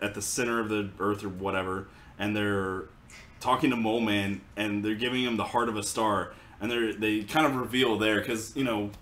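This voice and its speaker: A man's voice: on the low side, fairly bright tone, echoey room. A man casually recapping a comic for a podcast, rambling with lots of fillers and frequent laughs. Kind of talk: casual chat.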